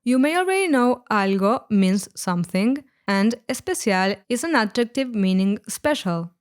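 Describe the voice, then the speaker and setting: A woman narrating a scripted language lesson, explaining words clearly and slowing down on each example. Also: fairly high pitch, lively intonation. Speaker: Spanish teacher.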